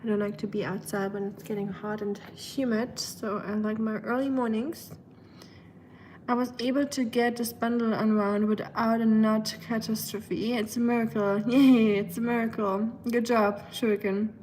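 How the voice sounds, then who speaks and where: A woman live streamer chatting casually with her viewers, rambling with lots of fillers and quick laughs. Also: fairly high pitch, little pitch movement, a little mellow, slight background noise. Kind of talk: casual chat reading viewer comments.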